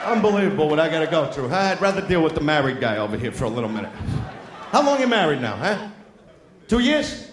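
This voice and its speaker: A man doing a crude stand-up routine in front of a live audience. He is loud and brash, taunts people in the crowd and often shouts. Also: fairly high pitch, sing-song, fast talker. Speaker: stand-up comedian. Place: large live venue with an audience. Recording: echoey live show with crowd noise.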